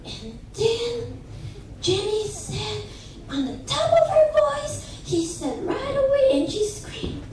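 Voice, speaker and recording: A woman telling a children's story at a church service, animated, and often asking the children questions. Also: extremely high pitch, takes it slowly, noisy background. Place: large church sanctuary. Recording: echoey church hall from far off.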